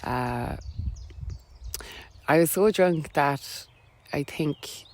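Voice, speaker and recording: A woman's voice: deep voice, very slow, a little mellow. A woman with an Irish accent, a podcast guest telling a personal story in a rambling, filler-heavy way with frequent laughs. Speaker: podcast guest, wellness coach.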